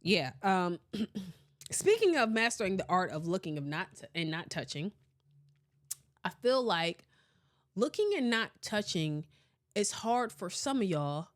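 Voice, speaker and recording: A young woman hosting a casual podcast, playful and animated, laughing often as she reads live comments. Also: lowish voice, a little slow. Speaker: podcast host.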